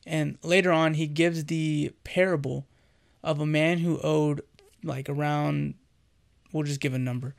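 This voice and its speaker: A man's voice: on the high side, fairly even intonation, a little slow, vocal fry. A man giving an earnest, conversational sermon as a devotional host, speaking directly to the listener.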